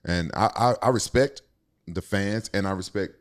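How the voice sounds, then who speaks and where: A man's voice: fairly low pitch, normal speed. A man hosting a podcast, talking in a loose, conversational way that repeats words as he goes. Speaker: podcast host. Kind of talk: casual podcast talk.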